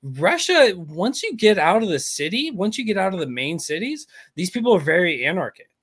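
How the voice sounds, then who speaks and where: A man as a podcast guest, talking politics in an animated, rambling way with many restarts. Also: sits high, normal speed, husky. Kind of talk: casual political talk.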